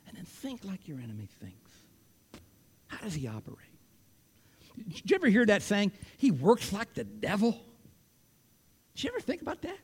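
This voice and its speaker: A man preaching a sermon, swinging between loud declarations and hushed whispers. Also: high-pitched, huge pitch swings, normal speed, pauses often, slightly rough.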